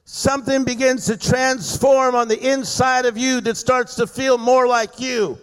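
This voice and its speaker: High-voiced fervent male preacher. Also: little pitch movement, unhurried, a bit bright, clear, resonant tone. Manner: fervent, rousing the crowd with call-and-response. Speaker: guest preacher. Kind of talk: sermon. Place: church service. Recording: echoey hall reverb.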